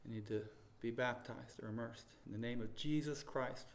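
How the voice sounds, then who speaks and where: A man preaching a sermon, telling stories and swinging between loud proclaiming and hushed pleading. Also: medium pitch, fairly even intonation, moderate pace, creaky. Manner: storytelling with quoted dialogue.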